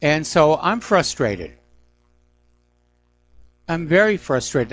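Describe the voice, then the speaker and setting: A man's voice: fairly high pitch, sing-song, slow pace, pauses often. A middle-aged man hosting a news talk radio show, giving emphatic, indignant opinions on the day's stories.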